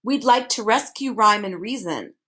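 A woman's voice: mid-range voice, expressive, moderate pace, sharp tone, husky. A woman voicing a polite, loyal male watchdog in a storybook reading.

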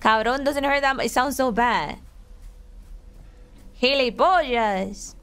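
A woman streaming a video game, chatting casually in a playful, animated way and laughing easily. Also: sits high, fairly quick, clean tone. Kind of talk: casual gaming commentary.

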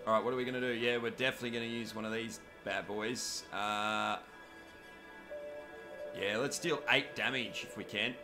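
A man's voice: fairly low pitch, fairly even intonation, moderate pace, over music. An Australian man giving cheeky live commentary on a video game while joking with viewers by name. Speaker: gaming commentator.

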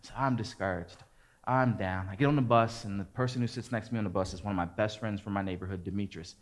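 A man in his forties, a pastor preaching, telling a lively personal story and acting out what people said. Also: lowish voice, racing. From American suburbs. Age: 40s. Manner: lively storyteller, acts out quotes and gets loud at the climax. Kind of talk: sermon with a storytelling anecdote.

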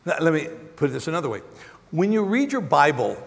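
A man preaching a sermon as a pastor, animated, acting out quotes with sudden jumps in pitch. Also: brisk, vocal fry. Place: large church auditorium. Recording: long hall reverb.

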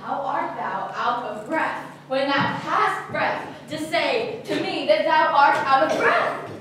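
A woman's voice: sits high, a little slow, a bit bright. A woman playing an impatient young girl in love. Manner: impatient, pleading. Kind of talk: live Shakespeare stage acting. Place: arts center hall, recorded from the audience. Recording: distant, echoey hall, faint hiss.

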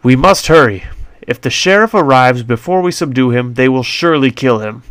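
A man's voice: medium pitch, lively intonation, moderate pace, a bit bright, clear, resonant tone, dry recording, pitched above the performer's own voice, natural voice. A man voicing a prim, fussy doctor-inventor in a put-on British accent, talking formally and pleading earnestly.

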